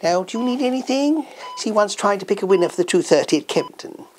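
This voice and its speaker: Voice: mid-range voice, fast talker, slight background noise, voice pushed up, natural voice. Performer putting on a dry old queen. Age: older. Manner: regal, speaks of herself as "one", deadpan. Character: elderly queen, dry and cutting. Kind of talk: satirical sketch comedy.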